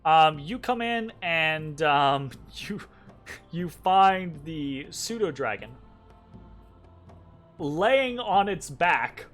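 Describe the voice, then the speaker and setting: A man narrating a tabletop game as game master, halting and full of fillers. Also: on the high side, very animated, fairly bright tone, faint music behind. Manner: halting, many fillers and restarts.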